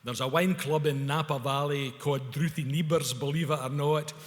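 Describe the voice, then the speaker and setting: A man's voice: fairly high pitch, steady tone, normal speed, big-room sound. A man with a Scottish accent telling a story to an audience at a public event, using broad Scots words. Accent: Scottish, Scots dialect. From Scotland. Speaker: speaker at a culture event. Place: event hall.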